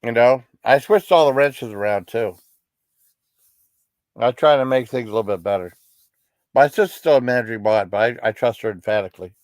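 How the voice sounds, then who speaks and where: A man's voice: mid-range voice, normal speed, long pauses, dry recording, studio quality. A man hosting a livestream, chatting casually with viewers in a rambling, apologetic, reassuring way. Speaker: livestream host.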